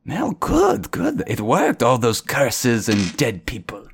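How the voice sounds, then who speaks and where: A man's voice: mid-range voice, huge pitch swings, slow, vocal fry, slight background noise, voice pushed up, full character voice. A man doing a sneering, hostile older brother. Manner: sneering, sarcastic and threatening. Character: hostile, sarcastic boy, protective older brother.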